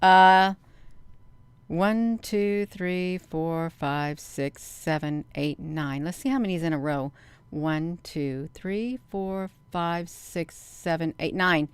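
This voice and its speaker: A middle-aged woman hosting a video, chatting casually to viewers, counting out loud and getting excited. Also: on the low side, slow pace, smooth, dry recording. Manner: counts aloud, talks straight to viewers. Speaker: video host. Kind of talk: casual screen-share commentary.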